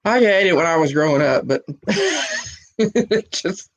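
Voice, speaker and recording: A woman's voice: low-pitched, animated, unhurried, lo-fi sound. An older woman on a chat panel, sharing family anecdotes with frequent laughter. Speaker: panel member. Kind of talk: casual chat.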